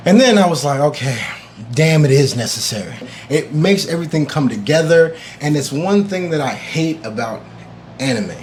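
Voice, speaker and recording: Young male vlogger with a raised pitch, loose and profane, faint background noise. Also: moderate pace. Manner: animated, swearing, acts out his own reactions. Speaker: vlogger reviewing a TV series. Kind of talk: casual reaction vlog.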